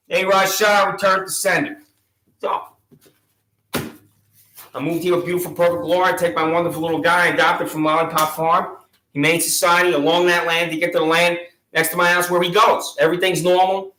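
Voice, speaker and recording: A man's voice: high-pitched, steady tone, moderate pace, bright, forceful tone, roomy sound, rough recording. A man delivering an angry, sarcastic monologue of accusations, combative and mocking in tone. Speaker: video channel host.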